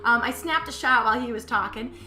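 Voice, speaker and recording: Midwestern woman hosting a chatty wine class, fairly high voice, echoey room. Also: fairly quick. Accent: Midwestern American. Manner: chatty, animated, with frequent fillers and restarts. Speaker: wine school owner and teacher. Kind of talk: presenting a wine lesson with slides. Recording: echoey room with faint background noise.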